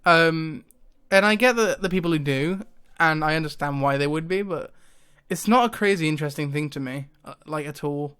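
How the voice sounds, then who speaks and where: A man's voice: on the high side, moderate pace, hardly any pauses, fairly bright tone, clear, resonant tone. A man talking casually to the camera, thinking aloud with hesitations and frequent laughs. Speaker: YouTuber.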